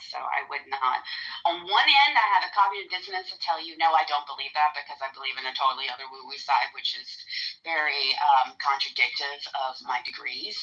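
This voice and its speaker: A woman's voice: a bass voice, pushed and bright, dull audio. A woman, an evolutionary psychologist, talking casually in an online voice room, hedging and thinking aloud.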